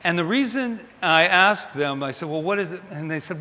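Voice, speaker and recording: A man's voice: high voice, expressive, normal speed, sharp tone, big-room sound. A male minister giving a Sunday sermon in a chatty way, joking with the congregation and asking them questions.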